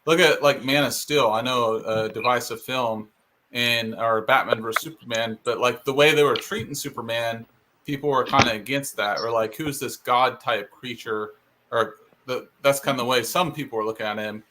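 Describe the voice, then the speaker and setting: A man chatting casually on a podcast, hesitant and halting. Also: mid-range voice, steady tone, noisy background. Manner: hesitant, many fillers and restarts. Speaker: podcast co-host. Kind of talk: casual chat.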